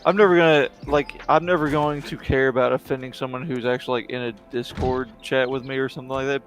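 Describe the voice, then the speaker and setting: Rambling young male streamer, low-key. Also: fairly even intonation, fast, soft background music. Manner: rambling, lots of fillers and restarts. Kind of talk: casual chat over a game stream.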